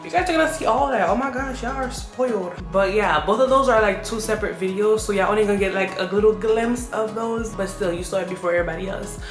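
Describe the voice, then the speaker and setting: A woman's voice: mid-range voice, fast, few pauses, reverberant, over music. A young woman talking casually to her viewers while she cooks and cleans in her apartment, calling them "y'all". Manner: chatty, addresses viewers as y'all. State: out of breath. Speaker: vlogger. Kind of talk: casual vlog talk to camera. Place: small apartment kitchen.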